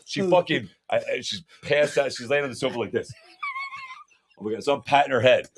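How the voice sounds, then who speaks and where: A man's voice: medium pitch, fairly quick, heavy background noise. A man co-hosting a podcast, telling a crude story in casual chat and acting out quotes in a raised voice. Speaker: podcast co-host.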